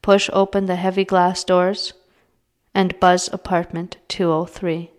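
A woman reading her own short story aloud in a measured, even way. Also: fairly low pitch.

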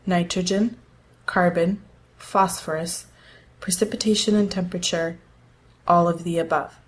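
Woman narrating a first-person story, low-pitched. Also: steady tone, unhurried.

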